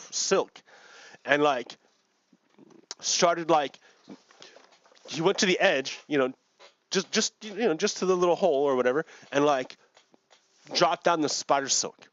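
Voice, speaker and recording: A man, a gaming video host, telling a story in a rambling, halting way with many restarts. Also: a little high, lively intonation, a bit bright, dry recording. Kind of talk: casual storytelling while playing a game. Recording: dull lo-fi dry recording.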